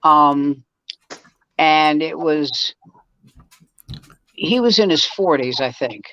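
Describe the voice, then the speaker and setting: A man's voice: on the high side, animated, extremely slow, sharp tone, no room sound, dull audio. A man, a guest comedian, telling rambling anecdotes in casual chat, with frequent restarts and acted-out quotes.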